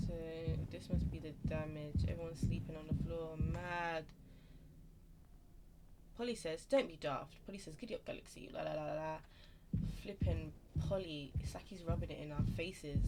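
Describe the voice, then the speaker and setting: A woman's voice: low-pitched, very noisy. A young woman playing a horror game, chatting casually and reading character dialogue aloud in playful put-on voices. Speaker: let's play streamer.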